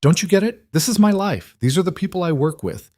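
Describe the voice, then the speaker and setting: A man's voice: medium pitch, big pitch swings, normal speed, darkish tone, no room sound, clean studio sound, pitched above the performer's own voice. A man voicing a hurt, fierce young woman, raising his voice and sounding strained, pleading and bitter. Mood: anguished.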